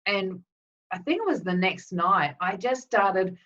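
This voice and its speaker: A woman's voice: medium pitch, animated, unhurried, a bit bright. A woman giving a spiritual talk, telling a rambling, chatty story full of asides. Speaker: spiritual teacher. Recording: dull, distant recording.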